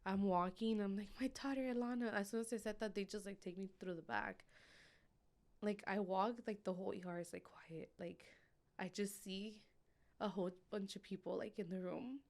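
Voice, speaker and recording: A woman's voice: medium pitch, fairly even intonation, normal speed, a little mellow. A woman as a podcast guest, telling a painful personal story in a casual, emotional way with many fillers. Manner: emotional, filler-heavy retelling.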